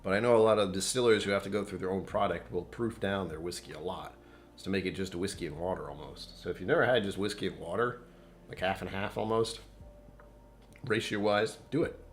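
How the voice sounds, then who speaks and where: A man's voice: low-pitched, fairly even intonation, a little fast, a little hiss or hum. A middle-aged man hosting a whiskey live stream from home, chatting casually in a rambling, self-deprecating way and laughing often. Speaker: whiskey channel host.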